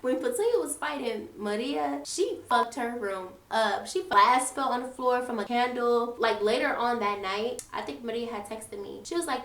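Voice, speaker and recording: A young woman telling a storytime to her viewers, animated and full of swearing, chatting to the audience as y'all. Her voice is high, and the room around her is echoey. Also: normal speed. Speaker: storytime vlogger. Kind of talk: casual storytelling.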